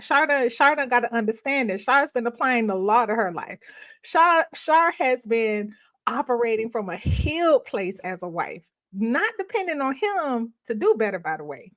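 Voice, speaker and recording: A middle-aged woman, hosting a ministry live stream and telling a personal story in casual, animated talk that often breaks into laughter. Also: a little high, moderate pace. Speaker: ministry host.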